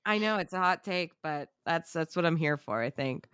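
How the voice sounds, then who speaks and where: A young woman co-hosting a casual chat, animated and laughing often, with lots of fillers. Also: deep voice, moderate pace, clean tone, no room sound, studio quality. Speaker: podcast co-host.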